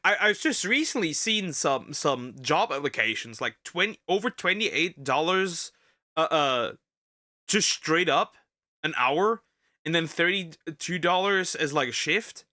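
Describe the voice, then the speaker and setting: A man's voice: on the high side, a little slow, dry recording, clean studio sound. A man hosting a video reaction, talking casually and sarcastically and often tripping over his words. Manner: lively, sarcastic, stumbles and repeats himself. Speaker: VTuber host reacting to a video.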